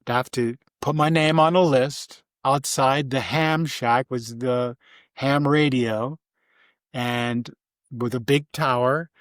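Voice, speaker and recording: Speaking slowly and evenly, this older Vermont man is an interview guest recalling his past, his middle-pitched voice wandering through restarts and filler words. He briefly puts on a high voice to mimic his mother. There's no echo; the sound is dry and intimate.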